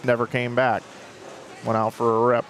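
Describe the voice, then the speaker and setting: A man's voice: mid-range voice, monotone, normal speed. A man commentating a live bowling stream, rambling through chatty stories between play calls.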